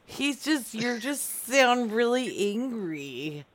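A woman co-hosting a radio show, making a prank call and joking in a drawling, sassy, deadpan way. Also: a little high, slow pace. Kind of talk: prank call and casual studio banter.

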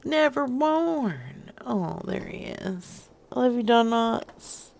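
A woman's voice: a little high, sing-song, takes it slowly, creaky, a little mellow. A woman hosting a podcast, making crude, sassy prank phone calls and laughing often. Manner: sassy, brash, laughs a lot. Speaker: prank-calling podcast host.

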